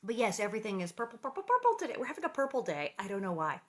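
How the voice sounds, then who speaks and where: Speaking rapid-fire and expressively at medium pitch, a middle-aged woman reads aloud while hosting a casual livestream from her living room. She chats bubblily and ramblingly, full of asides.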